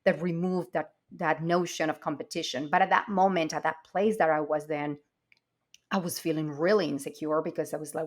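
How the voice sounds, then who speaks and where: A woman speaks as a guest on a podcast, reflecting openly on her own inner work. Her voice sits fairly low for a woman. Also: fairly even intonation, brisk. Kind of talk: podcast interview conversation.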